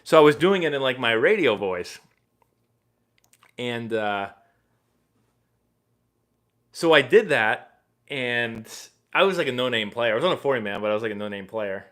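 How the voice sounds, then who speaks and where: A man in his thirties hosting a casual live stream, reading viewer questions aloud and answering in a relaxed, chatty way. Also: medium pitch, moderate pace, long pauses. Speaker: livestream host and former pro baseball player.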